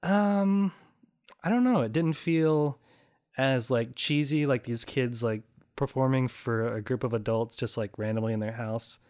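A woman's voice: a bass voice, a little slow, a little mellow. A woman co-hosting a casual chat, talking in loose, rambling runs. She giggles often and slips into little sung and acted bits. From American South.

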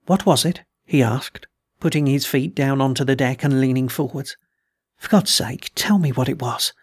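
A man's voice: medium pitch, normal speed, slightly rough, dry recording, studio quality, natural voice. A man reading an audiobook, voicing a frightened teenage ship's apprentice who pleads in an urgent, tearful whisper. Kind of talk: audiobook narration.

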